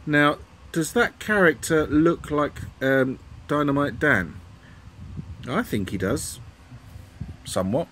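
A man's voice: fairly high pitch, expressive, slow, pauses often, a bit bright, a little hiss or hum. A middle-aged man chatting casually about old computer magazines, full of ums and questions to viewers. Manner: rambling, hesitant, many ums, asks viewers questions. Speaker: retro gaming YouTuber. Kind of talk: casual commentary flipping through a magazine.

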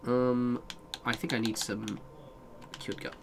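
A man's voice: mid-range voice, little pitch movement, slow pace, creaky, background noise. A young man casually commenting on a survival game as he plays, swearing and talking back to his chat. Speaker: streamer.

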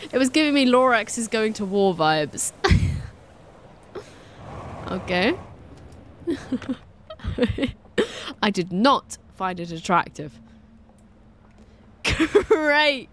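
Slow and animated at a medium pitch, she pauses often while trying out a game for the first time, with a bit of hiss in the recording. The streamer is reactive and giggly, laughing a lot and yelping nervously when startled.

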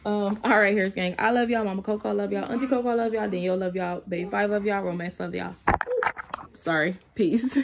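Creaky-voiced young woman vlogging casually. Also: mid-range voice, steady tone, fast, few pauses, very noisy. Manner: chatty, talks to her toddler between updates. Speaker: family vlogger. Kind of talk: casual video diary.

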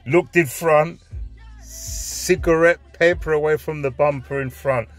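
A man's voice: on the high side, steady tone, unhurried, no echo, faint music behind. A man, telling a rambling anecdote, swearing freely and dropping Greek phrases in. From north London. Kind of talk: anecdotal storytelling.

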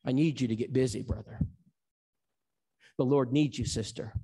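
A man's voice: medium pitch, moderate pace, dark tone, slightly rough. A man from Tennessee who teaches an evangelism seminar. He preaches in an emphatic storytelling style and acts out the dialogue. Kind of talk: sermon.

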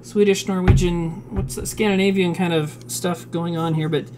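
A woman's voice: fairly low pitch, steady tone, moderate pace, heavy background noise. A woman from South Dakota cooking live on a stream, reading recipe steps aloud, swearing freely and answering chat in a home kitchen.

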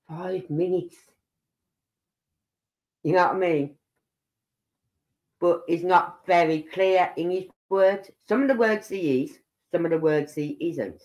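This is a rambling, chatty livestream from an older host with a Birmingham accent, who keeps drifting between subjects and turning back to address the audience. The voice is middle-pitched and a little mellow.

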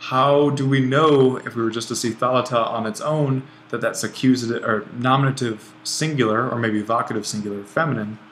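A man teaching a grammar lesson over a screencast, relaxed and thinking aloud as he writes, often correcting himself. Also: medium pitch, fairly quick, few pauses, slight background noise. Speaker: Greek language instructor.

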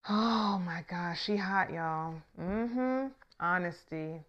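A woman's voice: lowish voice, slow, muffled recording. Sassy chatty woman reading tarot cards. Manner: chatty and sassy, drops from murmurs to loud bursts. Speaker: tarot reader and channel host. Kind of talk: casual tarot reading to camera.

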